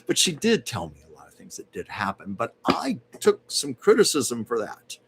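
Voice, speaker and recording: A man's voice: medium pitch, huge pitch swings, normal speed. Guy rambling on a home livestream reading out comments, chatty medium vibe, bit of room noise. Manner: chatty, rambling, reads viewer comments aloud. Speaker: livestream host and psychic medium. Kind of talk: casual livestream chat.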